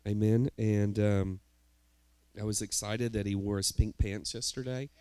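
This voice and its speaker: A man's voice: lowish voice, steady tone, a little slow, mellow, smooth, dry recording. A man, the church's pastor, introducing a guest speaker in a rambling way with many fillers. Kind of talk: church announcement. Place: church sanctuary.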